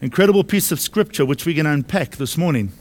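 Emphatic male preacher, slightly high voice. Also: expressive, quick pace. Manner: emphatic, repeats key phrases and asks the congregation questions. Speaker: pastor. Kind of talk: sermon. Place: church service.

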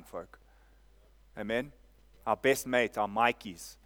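A male pastor delivers a sermon. He preaches in a mid-range voice, repeating phrases for emphasis and checking in with the congregation. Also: mid-range voice. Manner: preaching with call-and-response "Amen?" and repetition.

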